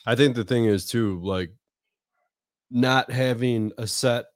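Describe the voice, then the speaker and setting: A man talking loudly in casual chat, sounding tired and a bit put-upon. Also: medium pitch, slow, no echo, studio quality. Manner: loud-talking, tired, complaining.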